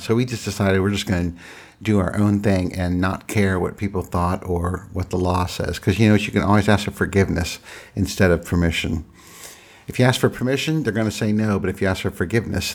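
A middle-aged man casually recounting a personal story in a halting, reflective way, often restarting his sentences. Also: lowish voice, a little mellow, breathy edge.

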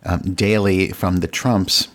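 A man's voice: sits low, flat delivery, takes it slowly, a bit bright. A man hosting his own solo podcast in a candid, exasperated, rambling way, full of restarts and stammered repeats. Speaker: podcast host. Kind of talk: casual solo podcast monologue. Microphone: desk podcast mic.

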